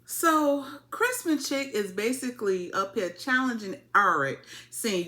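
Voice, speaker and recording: Bright, animated woman recapping a show. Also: a little high, unhurried, hardly any pauses. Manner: animated, colloquial, emphatic repetition. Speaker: TV show reviewer. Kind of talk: casual recap vlog.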